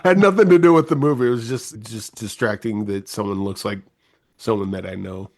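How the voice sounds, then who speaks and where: A man reviewing films on a casual podcast, talking in a low, monotone, laid-back way. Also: fairly quick, dry recording, studio quality. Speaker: film reviewer, co-host.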